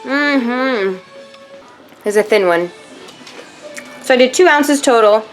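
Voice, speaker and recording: A woman's voice: a little high, takes it slowly, soft background music. A young woman vlogging her day, chatting casually to her viewers. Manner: chatty, addresses viewers as you guys. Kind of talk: casual chat.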